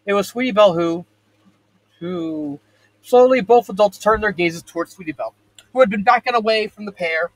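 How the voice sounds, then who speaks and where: Brief: man in his 30s reading fan fiction aloud; high, slightly husky voice, self-correcting. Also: moderate pace, dry recording, rough recording. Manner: stumbles, self-corrects and breaks off into joking asides.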